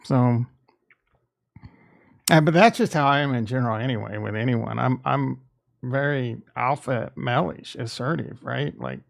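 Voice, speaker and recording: A man's voice: mid-range voice, unhurried, creaky. A man hosting a casual livestream, talking back to his chat in a defensive, joking way. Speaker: livestream host reading chat.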